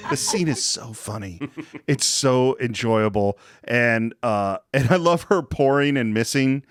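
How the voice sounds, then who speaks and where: A man hosting a casual film podcast, animated, laughing and acting out scenes as he talks. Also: mid-range voice, a little slow, over music. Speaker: podcast host.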